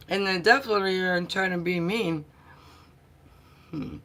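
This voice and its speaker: A woman vlogger chatting casually with her viewers and telling stories, often clearing her throat and laughing softly. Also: on the low side, measured pace. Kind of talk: casual live chat.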